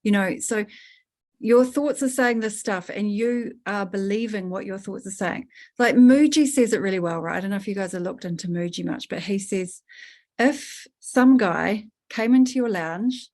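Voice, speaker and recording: Earthy, animated woman coaching a workshop. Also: mid-range voice, normal speed. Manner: earthy and animated, laughs and swears casually. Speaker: workshop leader.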